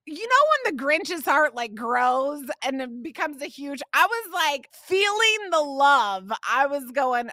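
A woman tells a family story to her podcast listeners, gushing and laughing often. Her voice is bright and a bit high, and it swings widely in pitch. The sound is dry and close. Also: sing-song, measured pace, no room sound. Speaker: podcast host.

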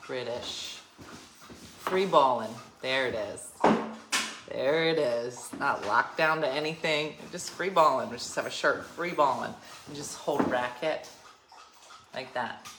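A woman's voice: rumbling low, measured pace, pauses often, reverberant, heavy background noise. A woman in her fifties hosting a show, chatting casually and telling rambling stories with frequent laughs. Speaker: radio show host. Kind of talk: casual chat.

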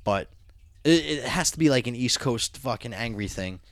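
A man with a New York accent co-hosting a podcast, telling animated, profane stories in casual chat. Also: mid-range voice, normal speed, crowd noise. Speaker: podcast co-host.

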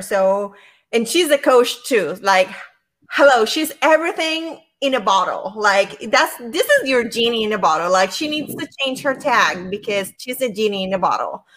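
A woman hosting a podcast with a fairly high voice. She gushes and rambles, stumbling over her words and throwing in "like" and "hello" as she introduces her guest. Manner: excited, rambling, repeats "hello" and "like". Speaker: podcast host. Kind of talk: casual interview intro.

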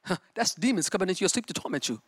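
A middle-aged woman preaching a sermon with personal testimony, fervent and emphatic, and breaking into shouts. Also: lowish voice, lively intonation, rapid-fire, breathy edge, dry recording.

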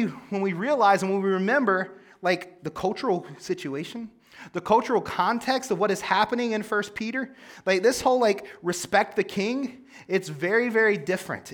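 A young man preaching a sermon in a casual, conversational way, full of filler words, swinging between loud emphasis and quiet, low asides. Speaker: pastor.

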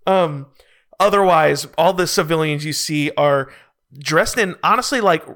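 Game master, male, bright and slightly high voice, halting filler-heavy narration of a tabletop game.

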